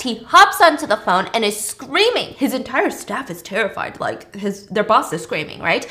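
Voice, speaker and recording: Host: woman, fairly high voice, lively and jokey movie recap. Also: normal speed, few pauses. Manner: animated, joking. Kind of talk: casual movie recap chat.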